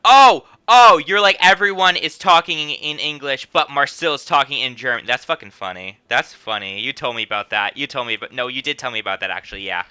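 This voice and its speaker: A man's voice: mid-range voice, brisk, few pauses, sharp tone, clear, resonant tone, dry recording. A young man streaming a game, laughing, swearing and joking as he plays. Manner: laughs a lot, swears, jokey. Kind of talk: casual gameplay commentary. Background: game music.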